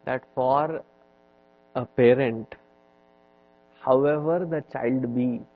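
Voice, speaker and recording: A witty royal adviser, calm and wry, as a man puts him on while telling a story. He speaks slowly and quietly. The recording is dull and lo-fi. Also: medium pitch, natural voice.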